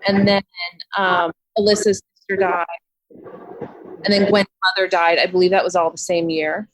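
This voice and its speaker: A woman's voice: fairly low pitch, level tone, normal speed, dry recording, rough recording. A woman in her thirties on a remote call, chatting in a matter-of-fact, reflective way. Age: 30s. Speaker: guest. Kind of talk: casual chat.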